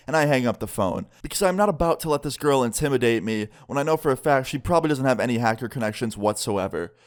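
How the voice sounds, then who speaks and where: A man's voice: mid-range voice, lively intonation, fast, hardly any pauses. A young man casually telling a storytime tale to the camera, chatty and often ending lines with "okay?". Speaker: YouTuber. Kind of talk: storytime narration.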